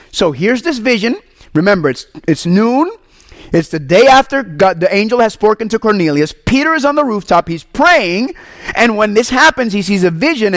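A man from Puerto Rico preaching a sermon as pastor, animated and asking the congregation questions. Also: high-pitched, no room sound.

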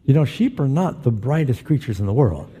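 Middle-aged guy preaching, pretty dark mellow voice, kinda husky, jokey storyteller. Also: medium pitch, very animated, brisk. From Southern California. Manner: storytelling with humor, asks the congregation questions. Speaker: pastor. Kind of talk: sermon.

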